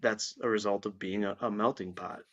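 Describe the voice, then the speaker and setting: A man's voice: lowish voice, fairly even intonation, fairly quick, a bit bright. A man chatting as a podcast guest, blunt, opinionated and given to swearing. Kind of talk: casual podcast chat. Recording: dull lo-fi sound.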